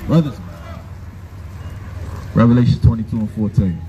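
This man's voice is on the low side and warm, at a moderate pace, as he preaches on the street outside a gas station. He scolds confrontationally, calls for scripture to be read, and repeats himself in call-and-response, amid noisy outdoor street sound.

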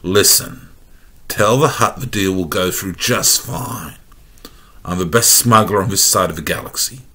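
A man's voice: low-pitched, unhurried, sharp tone, exaggerated voice. A man with an Australian accent reading a swaggering, teasing male smuggler in a storybook reading. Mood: cocky. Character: cocky male space smuggler, flirty rogue.

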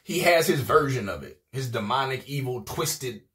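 A man's voice: medium pitch, animated, normal speed, fairly bright tone. A man preaching an informal video sermon. He talks in a rowdy, emphatic way, often repeating "man" and "I promise you".

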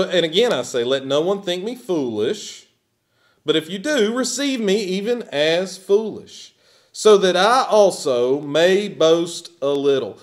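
Preacher, male, fairly high voice, swings up and down a lot, emphatic. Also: darkish tone. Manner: emphatic, rising and falling preaching with bursts of volume. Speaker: pastor. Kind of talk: sermon. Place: church sanctuary.

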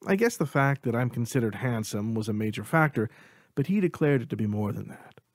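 Man, audiobook narrator, first-person storytelling, steady and even, mid pitch, dry close sound. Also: fairly quick, dry recording.

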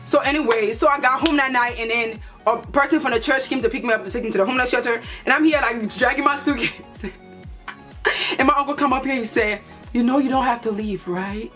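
A young woman from Liberia telling a lively storytime vlog, acting out her relatives' voices. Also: high voice, quick pace, soft background music. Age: young adult. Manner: animated, playful storytelling with put-on voices for relatives. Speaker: vlogger.

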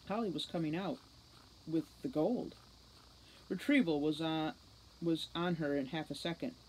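Steady woman reading a novel. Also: low-pitched, a little hiss or hum, rough recording. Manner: steady, measured narration. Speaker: audiobook reader.

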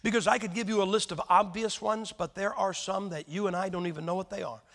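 A man in his sixties delivers a folksy sermon, throwing rhetorical questions at his listeners. His voice sits high and gravelly. A long hall reverb trails behind every phrase. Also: steady tone, quick pace, fairly bright tone. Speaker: preacher.

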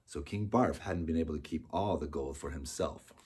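A man narrating an audiobook in a steady storytelling manner. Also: a bass voice, normal speed, husky. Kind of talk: scripted narration.

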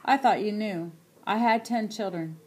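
A woman's voice: mid-range voice, a little slow, husky, pitched above the performer's own voice. An elderly grandmother, as a woman reads her. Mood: insistent. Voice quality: plain rural dialect speech. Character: elderly Southern grandmother, proud and stubborn.

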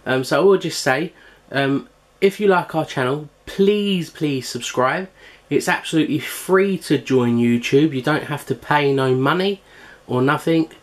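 A man's voice: a little high, a little slow. A man hosting a casual home cooking vlog, chatty and full of fillers, sometimes talking while eating. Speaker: cooking channel host.

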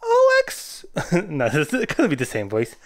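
A drowsy child woken in the night, speaking in a soft, hushed voice, as a woman puts it on. The lines come out slow and quiet, with a lively lilt in the pitch. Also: full character voice. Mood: sleepy.

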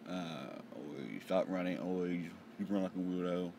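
A young man hosting a casual live manga reaction, reading panels aloud and swearing excitedly, sounding tired. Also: low-pitched, normal speed, noisy background. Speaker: manga reaction channel host.

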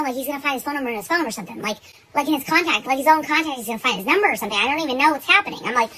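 A young woman telling a story in casual, animated chat, swearing freely and getting worked up. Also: sits high, racing, rough recording. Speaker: beauty vlogger.

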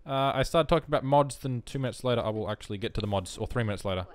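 A man's voice: medium pitch, racing. A young man giving wry, self-mocking commentary while playing a life-simulation game. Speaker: let's play host. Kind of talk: casual gameplay commentary.

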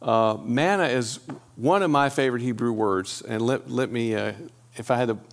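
A middle-aged man giving a relaxed church teaching, talking it through with pauses and restarts. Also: mid-range voice. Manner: conversational, pauses with fillers and restarts.

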